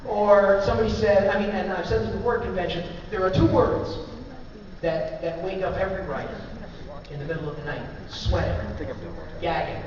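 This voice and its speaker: Brief: man, author at a convention panel, joking storyteller, higher voice, heard from far back in an echoey, noisy, dull-sounding hall. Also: steady tone, brisk. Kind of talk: casual convention talk to an audience.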